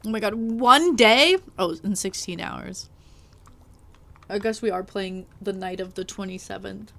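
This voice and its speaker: Speaking into a desk mic, a woman chats loosely with her stream audience while gaming, occasionally through a mouthful of food. Her voice sits in the middle range, a little slow, gravelly and slightly bright.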